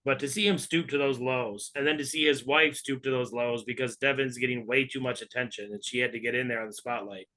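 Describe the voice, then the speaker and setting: A man's voice: medium pitch, steady tone, brisk, hardly any pauses, pushed and bright. A man co-hosting a podcast, talking bluntly and heatedly in casual, profane chat. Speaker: podcast co-host.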